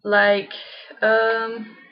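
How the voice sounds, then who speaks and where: A woman teaching a casual beginner language lesson, chatty, slowly repeating example phrases. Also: fairly high pitch, completely flat delivery, lo-fi sound.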